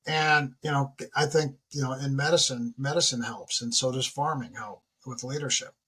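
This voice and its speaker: A man of about sixty, a retired military leader, talking as a podcast guest in a lively, storytelling way, often acting out what people say. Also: moderate pace, husky. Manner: animated storyteller who acts out dialogue with big pitch jumps. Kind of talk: casual interview conversation.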